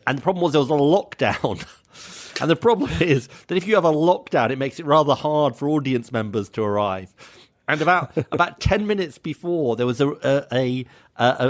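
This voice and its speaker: A man from Britain co-hosts a podcast in a relaxed, conversational way. His voice sits at an ordinary middle pitch. He tells stories loosely, restarting sentences as he goes. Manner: chatty anecdotal storytelling with laughs and restarts. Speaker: podcast co-host. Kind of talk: casual chat.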